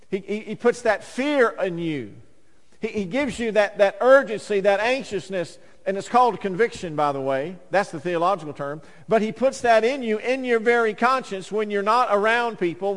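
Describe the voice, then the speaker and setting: A man preaching a sermon as pastor, swinging between loud urgent lines and hushed quiet ones. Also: high-pitched, long reverb tail. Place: church sanctuary.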